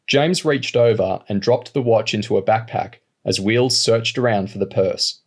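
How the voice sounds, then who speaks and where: A man narrating an audiobook in a steady, measured reading voice. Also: fairly low pitch. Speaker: audiobook reader. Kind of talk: storybook narration.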